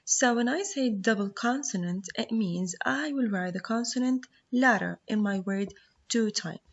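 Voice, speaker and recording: A woman whose first language is Arabic, teaching a phonics lesson, explaining slowly and sounding out words syllable by syllable. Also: fairly high pitch, muffled recording.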